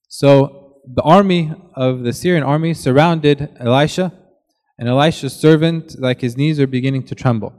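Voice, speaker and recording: A man preaches in a casual, conversational way and keeps checking in with his listeners through rhetorical questions. His voice sits a little higher than most men's. A long reverb trails behind him, as if he were in a large hall. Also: moderate pace, darkish tone. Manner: casual, asks rhetorical "right?" often. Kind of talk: conversational sermon.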